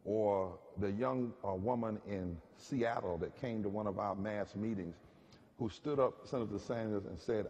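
A man's voice: medium pitch, moderate pace, darkish tone, lo-fi sound, a little hiss or hum. Preaching man in a reverberant hall. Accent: Southern US. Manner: rhythmic, rising to emphatic preaching peaks. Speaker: pastor and activist panelist. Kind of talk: preacherly storytelling. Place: large chapel hall.

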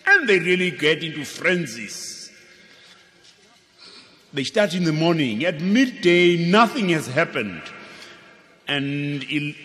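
A man from South Africa with a South African accent, preaching a sermon in a playful storytelling way that swoops up into high exclamations. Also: fairly bright tone. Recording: long hall reverb with faint music.

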